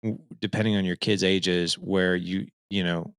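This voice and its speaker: A man's voice: low-pitched, little pitch movement, a little slow, clean tone, dry recording, studio quality. A man in his forties telling a personal story in an earnest, emphatic way, often checking in with "right?". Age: 40s. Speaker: fatherhood coach and podcast host, here a guest. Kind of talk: conversational storytelling.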